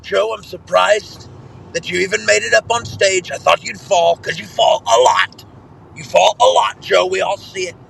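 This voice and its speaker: A man's voice: high-pitched, steady tone, normal speed, fairly bright tone, slight background noise, heavily acted, low-quality recording. A man doing an impression of a boastful, brash male president in a recorded voice message, bragging and repeating himself. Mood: mocking. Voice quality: gravelly, bragging, repetitive. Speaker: listener sending a voice message.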